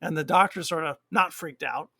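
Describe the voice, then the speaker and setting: Gravelly man in casual podcast chat. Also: a little high, normal speed, pushed and bright, dry recording. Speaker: podcast co-host.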